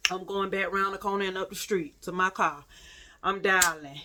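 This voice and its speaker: A woman vlogger telling a story to her viewers in a casual, profane, animated way, repeating phrases for emphasis. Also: mid-range voice, noisy background. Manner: addresses listeners directly, dramatic pauses.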